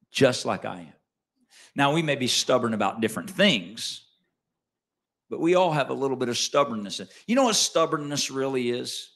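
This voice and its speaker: A man preaching a sermon as pastor, swinging between quiet asides and loud emphatic lines and asking the congregation questions. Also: mid-range voice, vocal fry. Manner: conversational, asks the congregation questions.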